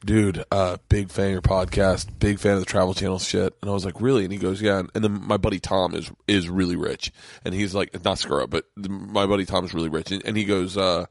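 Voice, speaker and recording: A man's voice: sits low, steady tone, brisk, no echo, clean studio sound. A man hosting a podcast, telling stories in casual chat, laughing often and swearing freely. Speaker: podcast host. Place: home studio mancave.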